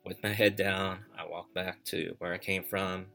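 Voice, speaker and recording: Low, bright-toned man telling a story. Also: level tone, creaky, soft background music. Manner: reflective, halting with fillers and restarts. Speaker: podcast host telling a personal story. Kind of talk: personal storytelling.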